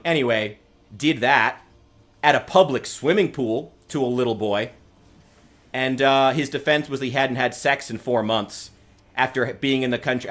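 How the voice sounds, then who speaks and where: A man's voice: medium pitch, a bit bright. Angry, swearing man streaming. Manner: angry, swearing, rambling with restarts. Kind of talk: casual commentary reacting to news.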